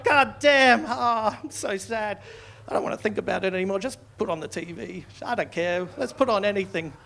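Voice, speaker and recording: A man's voice: high-pitched, a little fast, gravelly, fairly bright tone, slight background noise. A man with an Australian accent doing live stand-up, sardonic and swearing, turning mock-outraged. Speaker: stand-up comedian. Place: comedy club stage, live audience laughing.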